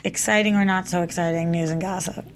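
A woman's voice: fairly low pitch, fairly even intonation, fast, slight background noise. A woman co-hosting a TV aftershow, recapping and gossiping in a gushing, chatty way full of "like". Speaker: co-host of a TV aftershow. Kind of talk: casual gossip chat.

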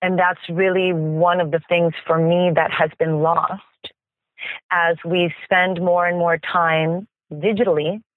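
A middle-aged woman farmer from San Diego talks slowly and chattily as a podcast guest. She is animated and jokey, with fillers like um, and her voice sounds dry and close to the mic. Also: fairly low pitch, dry recording, rough recording. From San Diego, California. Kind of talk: casual interview answers.

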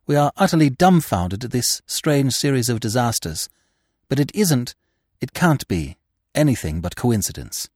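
A man's voice: mid-range voice, big pitch swings, normal speed, darkish tone, no echo, clean studio sound. A man voicing a nervous, impulsive young aristocrat of twenty-two who sounds under strain.

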